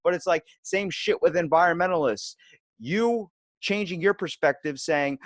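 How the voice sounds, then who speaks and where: A man's voice: high voice, animated, normal speed, a bit bright, dry recording, clean studio sound. A man talking as a stand-up comedian guest on a podcast, earnest, rambling and profane. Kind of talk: casual chat.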